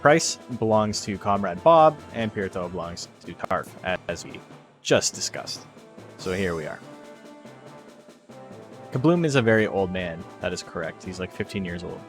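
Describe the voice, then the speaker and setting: A man with a fairly low voice commentates a game tournament stream in a loose, rambling way, cracking jokes and dropping curses as he talks. Faint music plays underneath. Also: expressive, normal speed. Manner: rambling, joking, swears freely. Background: faint background music.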